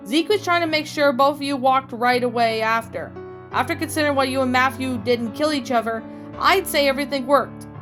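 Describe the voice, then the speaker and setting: A woman's voice: high-pitched, a little fast, fairly bright tone, faint music behind. Woman voicing a firm, level-headed young man. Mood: scolding.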